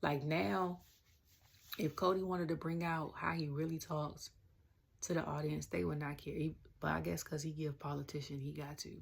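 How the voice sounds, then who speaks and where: Young Southern woman, low pitch, raspy, chatty reviewer rambling with slang. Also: flat delivery, normal speed. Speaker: wrestling show reviewer. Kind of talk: casual rant-style review.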